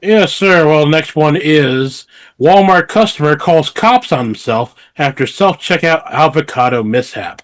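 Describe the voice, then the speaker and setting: A man's voice: fairly high pitch, expressive, measured pace, no echo. A man co-hosting a casual podcast, reading out news stories and musing aloud in an easygoing way. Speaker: podcast co-host.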